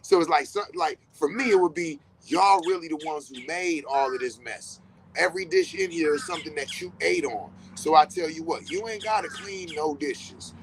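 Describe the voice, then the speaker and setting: On a rough recording with a little hiss or hum, a middle-aged man hosts a podcast in a fairly high, gravelly voice at a moderate pace. He speaks casually and profanely, bluntly repeating points for emphasis, and his monologue is animated storytelling laced with quoted dialogue.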